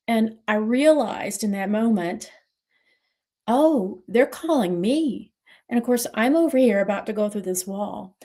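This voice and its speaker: A middle-aged woman moderator telling a personal story on a livestream, earnest and reflective, with pauses and restarts. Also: medium pitch, a little mellow.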